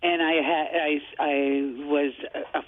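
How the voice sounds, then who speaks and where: A woman's voice: low-pitched, fairly even intonation, slight background noise. An older woman calls in to a radio show and tells her story in stops and starts. She wanders as she goes and restarts her sentences. Her voice comes through a thin, tinny phone line. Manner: halting, rambling telling. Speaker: caller. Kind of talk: phone-in chat.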